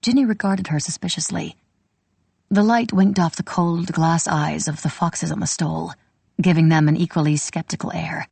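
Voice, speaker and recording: A woman reading a historical novel aloud as an audiobook narrator, steady and measured. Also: deep voice, creaky, breathy edge, dry recording.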